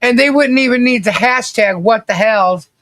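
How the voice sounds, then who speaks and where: A man's voice: extremely high pitch, normal speed, background noise. A man hosting a casual livestream commentary, blunt and ranting, swearing freely and reading out viewer chat comments.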